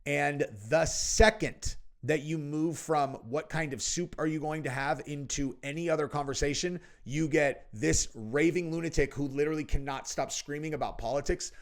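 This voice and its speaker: A man's voice: on the high side, steady tone, moderate pace, few pauses. A young man riffs through crude political commentary in a brash, mocking tone, full of profanity and casual "dude"s. He sounds like a host talking straight to his regular viewers. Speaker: show host.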